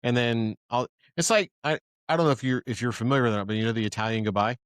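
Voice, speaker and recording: A man co-hosting a casual chat podcast, telling animated stories and acting out quoted voices. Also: medium pitch, quick pace, smooth, no echo, studio quality. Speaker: podcast co-host.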